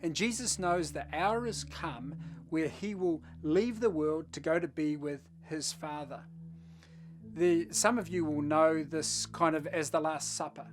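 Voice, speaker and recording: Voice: mid-range voice, measured pace, slight background noise. A pastor giving a short devotional message in a conversational, storytelling manner.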